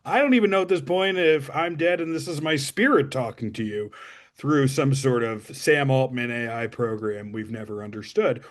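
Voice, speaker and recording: A man hosting a podcast, rambling through show plugs in a self-deprecating way with halting fillers. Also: fairly high pitch. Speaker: podcast host.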